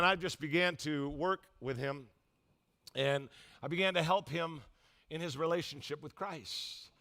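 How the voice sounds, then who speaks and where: A man's voice: on the high side, vocal fry, sharp tone. A middle-aged male pastor preaching a sermon, telling a comic story with quoted voices.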